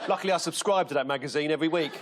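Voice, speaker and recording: A man on a comedy quiz panel, making deadpan, improvised quips. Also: fairly high pitch, racing, over a noisy crowd, very noisy. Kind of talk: quick improvised banter.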